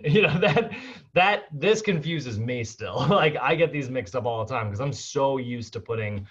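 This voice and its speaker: A man teaching a fitness course in a casual recorded lecture, chatty and animated, laughing often and acting out the people he describes. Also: mid-range voice, normal speed, breathy edge. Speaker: fitness instructor. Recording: slightly dull lo-fi sound.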